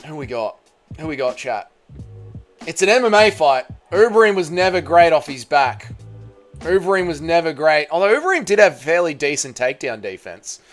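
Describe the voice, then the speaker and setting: An Australian man hosts a casual livestream, talking straight to his chat. His voice sits a little high, and he swears freely. Faint music plays underneath. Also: very animated, moderate pace. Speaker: streamer.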